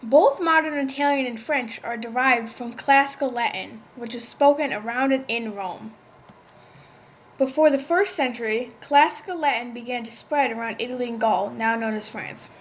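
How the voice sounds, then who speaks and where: Higher-pitched woman reading a language lesson. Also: normal speed, a little hiss or hum. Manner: reads a prepared script, with small slips and restarts. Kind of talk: scripted educational narration.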